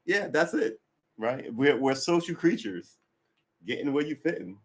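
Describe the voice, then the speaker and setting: A man talks loosely to his livestream audience, jumping between thoughts. He is blunt and opinionated, curses casually and laughs often. His pitch sits in an ordinary middle range. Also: expressive, a little slow. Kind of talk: casual rambling chat.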